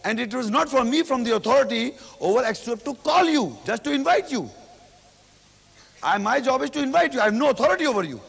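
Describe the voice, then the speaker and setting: A man giving a religious lecture, reciting Arabic verses and then explaining them slowly with repetition, recorded in an old 1990s hall. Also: very high-pitched, lively intonation, creaky, a bit bright, husky. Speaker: Islamic lecturer.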